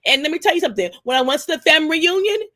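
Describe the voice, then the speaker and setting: Emphatic woman in her forties, bright voice. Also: high-pitched, big pitch swings, racing, dry recording. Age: 40s. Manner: emphatic, repeats herself, swears freely. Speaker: panelist. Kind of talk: casual discussion.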